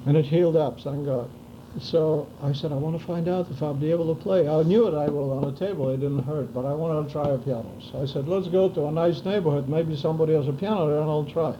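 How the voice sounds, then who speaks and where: A man's voice: on the high side, fast talker, dull audio, a little hiss or hum. An older man in an oral history interview, telling his memories vividly and acting out the dialogue. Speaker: interviewee recounting wartime memories.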